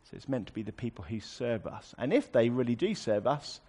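A man's voice: mid-range voice, lively intonation, fairly quick, mellow, slightly rough. Man preaching a conversational sermon. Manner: conversational, explanatory, with wry asides.

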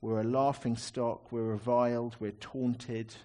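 A man's voice: medium pitch, flat delivery, measured pace, dark tone. A man preaching a sermon, explaining a psalm in a conversational teaching manner with rhetorical asides.

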